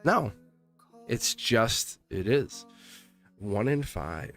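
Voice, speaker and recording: A man's voice: on the low side, big pitch swings, extremely slow, fairly bright tone. A man reading tarot on a livestream, chatting casually, laughing often and rambling through stories where he keeps quoting himself. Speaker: tarot reader. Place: home studio. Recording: faint music behind.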